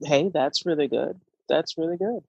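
A woman's voice: sits low, moderate pace, creaky, warm tone, slightly rough, no echo. A woman in casual conversation, talking in a thoughtful, reflective way and laughing often. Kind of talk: casual chat. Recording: dull lo-fi dry sound.

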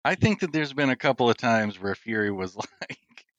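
A man chatting as a podcast guest, telling stories in a relaxed way with frequent laughs. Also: mid-range voice, moderate pace, dry recording, dull audio. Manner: storytelling, laughs often, relaxed. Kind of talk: casual chat.

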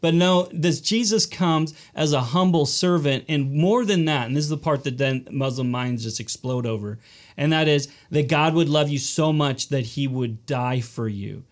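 A man teaching in a relaxed panel talk, explaining patiently and often restarting his words. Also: on the high side, normal speed. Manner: explanatory, repeats words at starts. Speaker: sermon series teacher.

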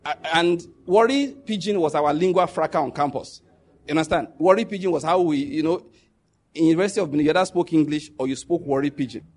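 A middle-aged Nigerian man with a Nigerian accent telling stories in a casual monologue, animated and laughing as he jumps into quoted pidgin. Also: on the high side, quick pace.

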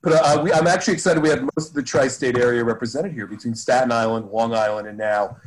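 A man's voice: mid-range voice, quick pace, a little hiss or hum, low-quality recording. A man co-hosting a podcast, upbeat and chatty, with a rambling, filler-heavy way of talking. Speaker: podcast co-host. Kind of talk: casual podcast chat.

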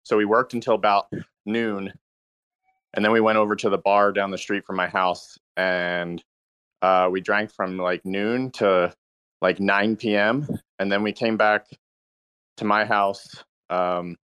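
Deep, bright hungover man rambling. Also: level tone, clear, resonant tone, no room sound. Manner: halting, many restarts and fillers. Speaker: guest. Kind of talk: casual chat.

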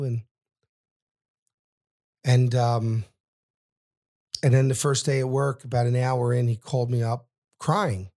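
A man's voice: steady tone, darkish tone. A middle-aged man, a podcast guest telling an emotional story and often stopping to repeat his words. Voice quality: halting, repeats words, voice drops low at sad moments.

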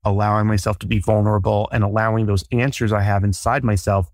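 A man hosting a podcast, with a somewhat low voice. He talks in a measured, reflective way. The recording is dry and close. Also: little pitch movement, a little mellow, no echo. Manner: reflective, measured, open about himself. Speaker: podcast host. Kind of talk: podcast interview conversation.

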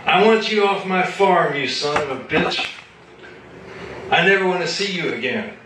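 A man's voice: on the high side, steady tone, unhurried, far from the mic, noisy background, voice pushed up, close to an everyday voice. A man reading aloud and voicing a drunk, furious rich farm owner who curses and bellows. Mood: bellowing. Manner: bellowing, cursing. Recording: echoey room from afar.

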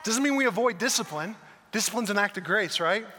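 A man's voice: high-pitched, animated, brisk, pushed and bright, a little hiss or hum. A man preaching a sermon as pastor, earnest and emphatic, with a microphone in a church hall. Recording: long reverb of a large hall.

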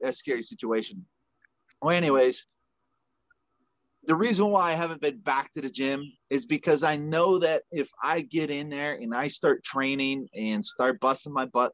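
Rambling, animated male fighter telling a story. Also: medium pitch, dry recording. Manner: rambling, animated, many fillers. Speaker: guest, retired fighter. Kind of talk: casual storytelling. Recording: muffled dry podcast audio.

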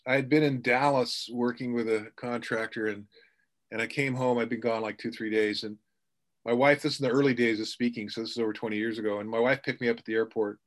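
Man telling lively sales stories. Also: medium pitch, fast. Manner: animated anecdote-telling with acted quotes. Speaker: sales speaker and trainer. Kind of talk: storytelling in a podcast interview.

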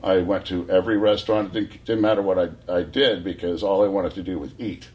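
A man in his sixties from California, a guest telling rambling, animated stories full of restarts. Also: low-pitched, fast, muffled recording. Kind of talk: casual storytelling.

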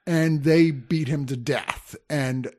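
A man co-hosting a relaxed movie podcast. His voice sits a little high for a man, and he rambles through plot summaries full of fillers. He teases his co-host as he goes. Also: takes it slowly. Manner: laid-back, teasing, many fillers. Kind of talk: casual film review chat.

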